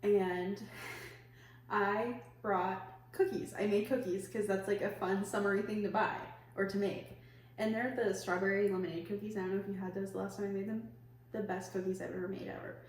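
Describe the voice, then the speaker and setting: A woman's voice: mid-range voice, fairly even intonation, moderate pace, slight background noise. Young woman, podcast co-host, rambling casual storytelling, echoey room, mic at a distance. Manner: rambling, heavy use of "like", laughs often.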